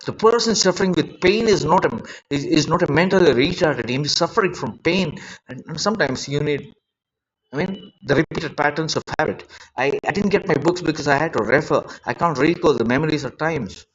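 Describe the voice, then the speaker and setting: Man, fairly high voice, distressed rambling live-stream rant recorded on a dull lo-fi phone mic. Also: lively intonation, fairly quick, a little hiss or hum. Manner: rambling, repetitive, agitated and emotional. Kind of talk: unscripted live-stream monologue.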